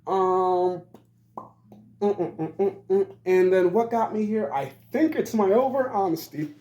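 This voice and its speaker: A man's voice: sits high, unhurried, a little mellow, highs cut off. A man in his twenties giving a rambling monologue, blunt and profane. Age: 20s. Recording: roomy echo.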